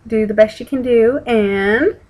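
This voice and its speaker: A woman's voice: a little high, unhurried, a little mellow, rough recording. Texan woman vlogger, casual and rambly, tired and yawning, salty language. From Texas. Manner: chatty, rambling, casual swearing. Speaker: weight-loss vlogger. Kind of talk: casual rambling chat to camera. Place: home room with an open window. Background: outside noise through the window.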